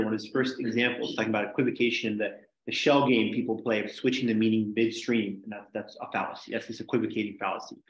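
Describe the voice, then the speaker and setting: A man's voice: medium pitch, fairly bright tone. A man teaching a casual logic class, rambling with many "like"s and restarts. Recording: echoey room, dull lo-fi sound.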